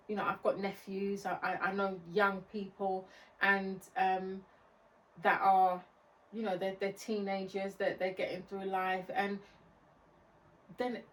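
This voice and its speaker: A woman co-hosting a casual podcast discussion, an attentive listener who often gives soft agreement before she makes her own points. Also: medium pitch, far from the mic, poor audio. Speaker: podcast co-host.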